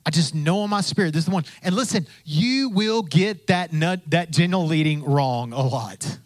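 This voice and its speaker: A man's voice: fairly high pitch, animated, moderate pace, no room sound. Chatty preacher man, dry close sound. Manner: conversational preaching, repeats phrases, acts out quoted voices. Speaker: pastor. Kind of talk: sermon.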